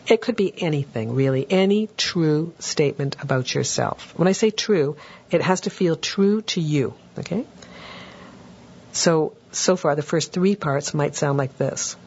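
A woman's voice: deep voice, unhurried, vocal fry, a little mellow, husky, muffled recording. A woman therapist patiently teaching a tapping technique, walking through examples step by step. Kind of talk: instructional talk.

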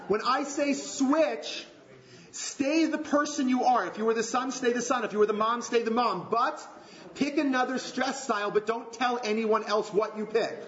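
A man leading a relationship workshop, asking the group rhetorical questions in an animated way. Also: very high-pitched, moderate pace. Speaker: workshop leader. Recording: echoey room, dull lo-fi sound.

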